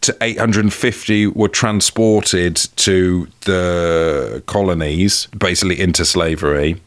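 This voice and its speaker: A man's voice: low-pitched, steady tone, slow, no echo, studio quality. An English man co-hosting a podcast, telling a history tale in casual, jokey chat and laughing often. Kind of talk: casual comedic chat and storytelling.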